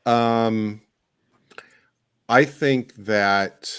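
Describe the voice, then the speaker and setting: Male podcast co-host, low-pitched, opinionated and halting; casual panel chat. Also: fairly bright tone, smooth. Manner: opinionated, hesitant with many fillers.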